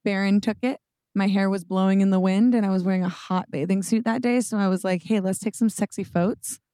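A woman's voice: mid-range voice, fairly even intonation, fast talker, mellow, clear, resonant tone, dry recording, studio quality. A young adult woman co-hosting a podcast, chatting casually in a playful, giggly and self-mocking way. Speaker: podcast co-host.

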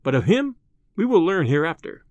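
Male narrator for an old adventure tale, lively and slightly higher, dry close mic. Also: normal speed, no echo, highs cut off. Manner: expressive, theatrical reading. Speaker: storyteller.

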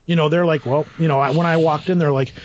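A man's voice: on the high side, quick pace, highs cut off, slight background noise. A man telling a long rambling anecdote in casual talk, acting out what people said. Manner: rambling, animated anecdote with quoted asides. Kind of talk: casual storytelling.

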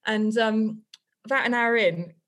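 A woman, a guest on a podcast, telling a story in a chatty, animated way and laughing often. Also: fairly high pitch, unhurried. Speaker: guest author and teacher.

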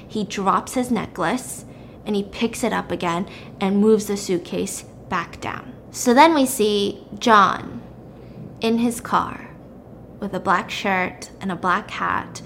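A woman casually recapping a drama's plot in an animated, chatty way, peppering it with fillers. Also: mid-range voice, creaky, slight background noise.

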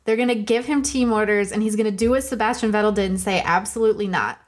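A woman's voice: on the high side, fast. A woman co-hosting a casual podcast chat, blunt and dryly teasing. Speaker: podcast co-host.

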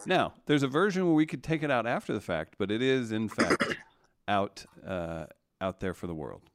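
A man's voice: fairly low pitch, lively intonation, moderate pace, smooth, no echo, studio quality. A man hosting a casual live-stream chat, reading out viewer comments and joking with his co-hosts, laughing often.

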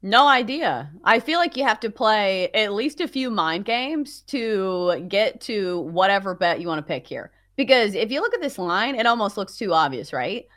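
A woman's voice: mid-range voice, sharp tone. A woman co-hosting a sports betting podcast in a playful, teasing, casual way. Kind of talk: casual chat.

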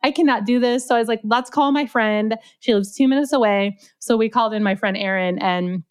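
A young adult woman as a podcast guest, chatting and telling stories in a lively way, with lots of "like" fillers. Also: mid-range voice, a little fast, smooth, dry recording. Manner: chatty, animated, heavy use of "like". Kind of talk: casual storytelling interview.

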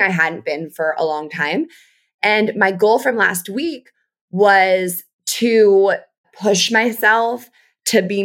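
A woman's voice: fairly low pitch, fairly bright tone. A woman speaking as a podcast guest in casual chat, reflective and full of "like" fillers.

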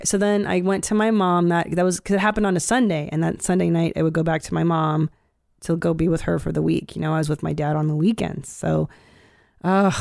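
A woman hosting a podcast, telling stories in a rambling, expressive way, swearing and laughing often. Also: on the low side, vocal fry, clear, resonant tone, no room sound, studio quality. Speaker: podcast host. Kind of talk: casual podcast chat.

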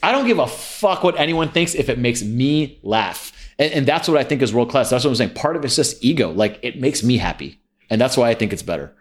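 Young male guest, rapid-fire and blunt, curses casually, plain mid-range voice. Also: mid-range voice, lively intonation. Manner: blunt, swears freely, quotes himself. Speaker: podcast guest, copywriter. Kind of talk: casual chat.

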